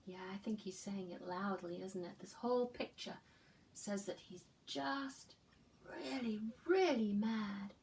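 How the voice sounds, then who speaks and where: A woman teacher reading a picture book to young children, asking gentle coaxing questions and dropping into whispers. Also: medium pitch, a little slow. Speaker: preschool teacher. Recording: distant mic with faint background noise.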